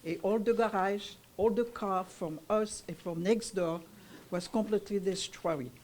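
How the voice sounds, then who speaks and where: A woman's voice: medium pitch, unhurried, darkish tone, slight background noise. An older woman from Italy, raised in France, who speaks broken English with a French accent and makes an emphatic complaint as a resident at a community meeting. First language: Italian. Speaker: resident speaking at a public forum. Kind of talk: public comment at a community meeting.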